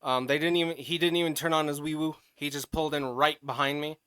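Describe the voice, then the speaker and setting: A man co-hosting a podcast, telling a story in casual chat, animated and profane, getting loud as he retells it. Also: a little high, quick pace, clear, resonant tone, no room sound, clean studio sound. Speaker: podcast co-host.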